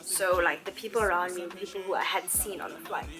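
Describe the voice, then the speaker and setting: Animated woman telling a story. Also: on the low side, fast talker, rough recording. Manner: animated storyteller, heavy use of "like". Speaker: vlogger. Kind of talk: get-ready-with-me storytime. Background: background music.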